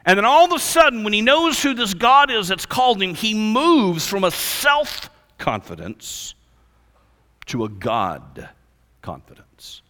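A male pastor preaching a sermon, swinging between loud emphasis and hushed lines. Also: very high voice, lively intonation, brisk, hardly any pauses. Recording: long reverb of a large hall.

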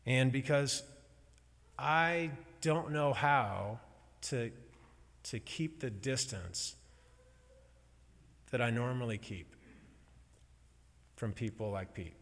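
A man preaches a personal sermon in slow, halting bursts, pausing between phrases as he builds feeling. His voice sits at an ordinary middle pitch. A long reverb trails his words through a large hall. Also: fairly bright tone. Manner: slow, halting, emotional storytelling with pauses.

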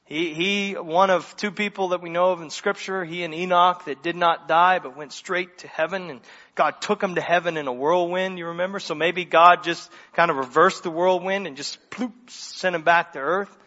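A high, bright-voiced man preaching with emphatic, animated delivery and casual asides. His voice carries a long reverb, as if he were in a large church, and the sound is slightly muffled. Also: moderate pace. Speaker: pastor. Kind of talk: sermon.

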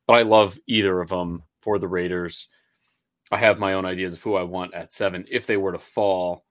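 A man's voice: low-pitched, steady tone, normal speed. A man co-hosting a podcast, chatting and analyzing football picks, with fillers and repeated words. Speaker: podcast co-host. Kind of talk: casual sports podcast chat.

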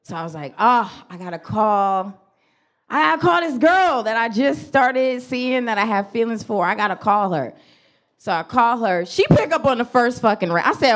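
A woman comedian, telling a personal story on stage and acting out her own lines with laughs. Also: normal speed. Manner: animated, acts out her own quotes with big pitch jumps and laughs. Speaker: stand-up comedian. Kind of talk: live stand-up storytelling.

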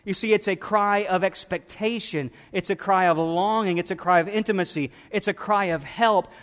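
A man preaching a sermon as pastor to his church, moving from quiet reflection to loud, fervent preaching. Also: high voice, moderate pace, in a large hall. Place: church sanctuary.

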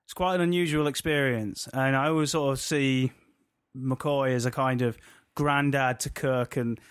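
A man's voice: mid-range voice, fairly even intonation, moderate pace, clean tone, no room sound, clean studio sound. A man chatting casually as a podcast co-host, rambling and restarting his thoughts as he goes. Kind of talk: casual chat.

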